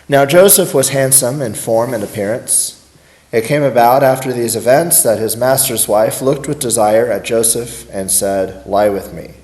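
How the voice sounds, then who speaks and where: A man reads scripture aloud at an even, unhurried pace. His voice sits at a middling pitch for a man. He delivers the passage as a plain scripted reading. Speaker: scripture reader.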